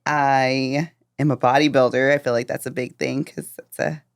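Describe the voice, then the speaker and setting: Young woman guest, low dry voice, chatty with ums and little laughs. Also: level tone, normal speed, gravelly, dry recording. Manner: chatty, laughs between thoughts, says um. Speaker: podcast guest. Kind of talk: casual interview chat.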